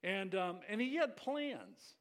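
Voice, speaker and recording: A man's voice: high-pitched, wildly swooping pitch, slow, fairly bright tone. A male pastor preaching a sermon, acting out the lines he quotes, often restarting words.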